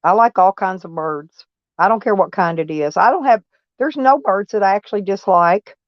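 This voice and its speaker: A woman's voice: medium pitch, moderate pace, no room sound. Chatty folksy woman on a dull stream. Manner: chatty, folksy, answers chat comments by name; blunt, peppered with mild cursing. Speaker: live-stream vlogger. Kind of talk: casual live-stream chat with viewers.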